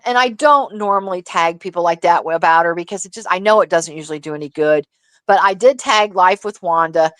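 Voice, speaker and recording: A woman co-hosting a casual livestream chat, telling gossip in an animated, profane, laughing way. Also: mid-range voice, no room sound. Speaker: livestream co-host.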